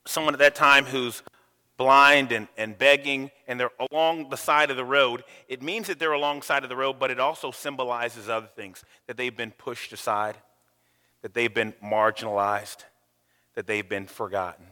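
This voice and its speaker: A male pastor preaching a sermon, telling stories with sudden loud, animated rises. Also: medium pitch, moderate pace, long reverb tail. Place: church sanctuary.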